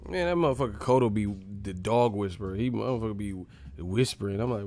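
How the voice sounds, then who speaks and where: Man, boxing live streamer, low voice, gravelly, profane rant, animated. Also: fast talker.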